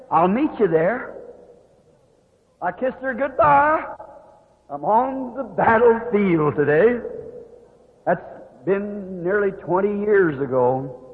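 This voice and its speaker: Emotional preacher, tinny old hall recording. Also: male voice. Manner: emotional, pleading, rising to high cries. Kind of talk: emotional sermon testimony.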